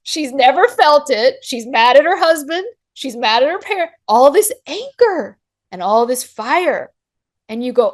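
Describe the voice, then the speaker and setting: A woman's voice: fairly high pitch, a little slow. Passionate woman teaching Ayurveda. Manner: passionate, emphatic, animated storytelling. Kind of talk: webinar talk.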